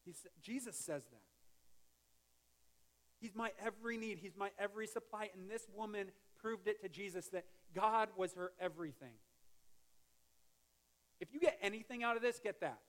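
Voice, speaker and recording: High-voiced Midwestern pastor preaching casually. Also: male voice, moderate pace, pauses often, a bit bright. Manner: conversational, joking asides, repeats words when restarting. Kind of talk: sermon. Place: church sanctuary.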